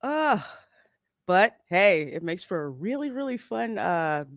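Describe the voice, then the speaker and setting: A woman's voice: medium pitch, sing-song, takes it slowly, no echo, studio quality. A woman from Philadelphia hosting a livestream podcast, bubbly and laughing often as she greets the chat. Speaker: podcast host.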